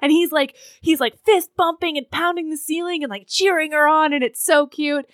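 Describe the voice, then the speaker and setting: A podcast co-host with a high voice recaps a romance novel at a moderate pace, recorded dry with clean studio sound. In casual chat she retells scenes as an animated storyteller, acting out the characters' lines in quoted voices.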